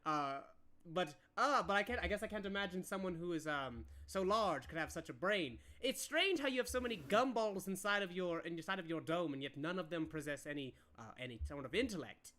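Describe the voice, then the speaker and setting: A man's voice: high-pitched, lively intonation, fairly quick, sharp tone. A man voicing a snide, condescending counselor who is a chocolate bunny, in a tabletop game. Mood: sneering. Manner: sneering, condescending, mocking.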